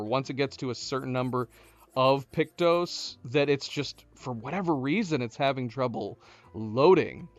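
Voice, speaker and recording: A man streaming a video game, talking casually and thinking aloud with many restarts and fillers. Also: mid-range voice. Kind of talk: casual live-stream commentary.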